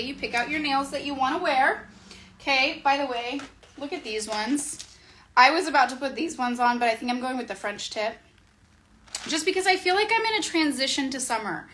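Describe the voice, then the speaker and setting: A woman's voice: high voice, pushed and bright, slight background noise. A woman in her thirties from Southern California giving a chatty, bubbly nail tutorial at her home desk, talking to a camera on a tripod. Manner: bubbly, chatty, gushing, quick asides. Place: home desk area, indoors.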